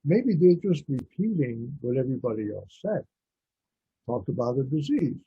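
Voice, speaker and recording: Male radio host, rambling, blunt, opinionated, husky, dry dull lo-fi sound. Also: medium pitch, sing-song, normal speed, dry recording. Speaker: radio talk show host. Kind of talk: casual radio monologue.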